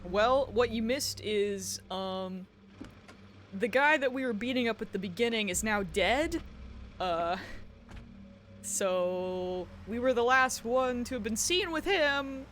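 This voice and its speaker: A woman's voice: on the high side, expressive, slow, fairly bright tone, slight background noise. A woman streamer chatting casually while playing a game and telling stories with frequent giggles. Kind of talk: casual live-stream gameplay chat.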